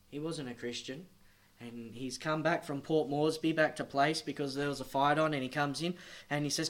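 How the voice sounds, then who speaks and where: A high-pitched male missionary preacher delivering a sermon. He tells his story dramatically, rising to loud, pressing emphasis and then dropping to near-hushed tones. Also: fairly even intonation, brisk.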